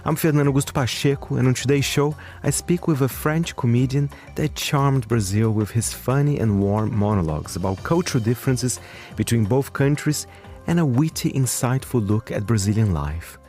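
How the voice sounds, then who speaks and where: A man's voice: medium pitch, moderate pace, hardly any pauses, darkish tone, faint music behind. A man hosting a radio interview, friendly and admiring toward his guest. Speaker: radio host. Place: radio studio.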